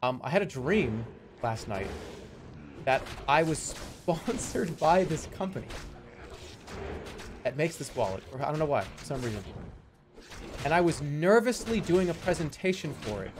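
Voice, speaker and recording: Animated young man telling dream stories. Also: fairly high pitch, normal speed, long pauses, background noise. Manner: animated storytelling, acts out quotes with profanity. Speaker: streamer. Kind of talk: casual chat.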